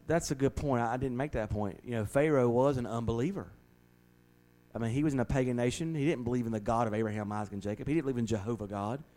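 A man's voice: mid-range voice, darkish tone, rough recording. A man who is a pastor, earnestly leading a Bible study and often repeating words as he starts a thought.

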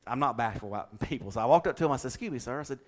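A middle-aged man with a Southern US accent, a pastor chatting casually and telling a story with animated delivery and repeated words. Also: mid-range voice, rapid-fire. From American South. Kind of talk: casual chat with co-hosts.

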